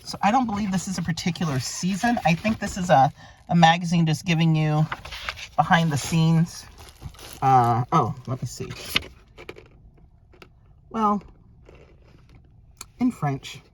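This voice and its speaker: A woman's voice: low voice, lively intonation, unhurried, long pauses, slight background noise. A woman vlogger unboxing luxury items in a casual, gushing way, thinking aloud and exclaiming over what she finds.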